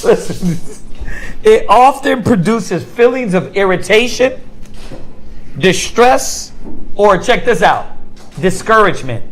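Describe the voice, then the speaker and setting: A man's voice: high voice, expressive, takes it slowly, pauses often, poor audio. A man leading an interactive Bible class, quizzing his students with call-and-response questions and acting out everyday examples. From United States.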